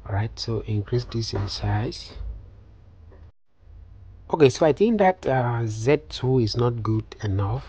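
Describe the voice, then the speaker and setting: A man calmly talking through a phone design tutorial step by step, with many fillers. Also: medium pitch, a little slow, pauses often, slightly rough, highs cut off. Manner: calm step-by-step instructions with frequent fillers. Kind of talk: screen-recorded software tutorial.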